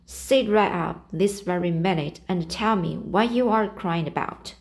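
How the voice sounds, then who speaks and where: A woman's voice: fairly low pitch, a little slow. A woman voicing a strict older woman who scolds firmly, read from a storybook. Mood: stern. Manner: firm, scolding.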